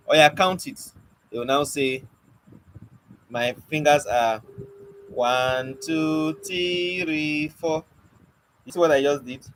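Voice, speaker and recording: Here a poetry teacher with a mid-range voice gives a loose, spoken lesson, frequently restarting and searching for the right word. The recording is low quality, with faint noise in the background.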